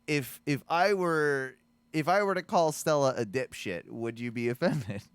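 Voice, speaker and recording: A man's voice: a little high, a little slow, clean tone, no echo. A man co-hosting a podcast in casual, profane chat, laughing often and telling loose stories. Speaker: podcast co-host.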